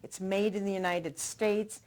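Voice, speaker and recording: A woman's voice: medium pitch, steady tone, measured pace, darkish tone. A middle-aged woman hosting a local TV cooking segment, chatting in a friendly, promotional way while she tastes the food. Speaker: TV show host. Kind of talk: casual cooking segment chat.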